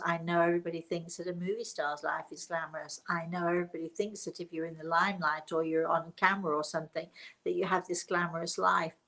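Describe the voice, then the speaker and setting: An older woman, a spiritual medium and author, hosts a casual live-stream chat, talking off the cuff in stories that run on and double back. She laughs often and easily. Her fairly low, slightly bright voice comes through a computer mic as a low-quality recording.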